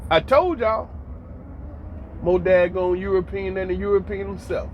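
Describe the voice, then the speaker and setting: With a high-pitched, darkish voice and a measured pace, an American commentary host delivers an emphatic, preachy monologue. Mocking asides and lines repeated for effect run through it. A little hiss or hum is audible.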